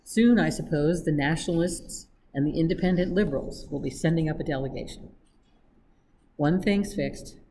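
A woman reads a cheeky young Englishman who mocks every threat with light, teasing ease. The voice sits low for a woman. A clear hiss of noise runs under the recording. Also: normal speed, dark tone, rough recording. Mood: mocking. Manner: flippant, teasing. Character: breezy, mocking young Englishman adventurer.

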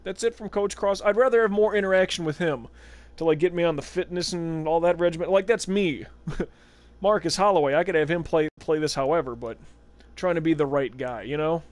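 A man's voice: fairly high pitch, brisk, no echo. Foul-mouthed sarcastic young man gaming. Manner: profane, sarcastic, rambling asides. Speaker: gaming livestreamer. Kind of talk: casual let's-play commentary.

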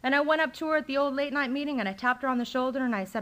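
A young woman with a slightly high voice tells her recovery story to a meeting. She speaks candidly and with feeling, and her talk is loose, with plenty of fillers. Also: steady tone, racing, hardly any pauses, fairly bright tone. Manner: candid and emotional, with frequent fillers.

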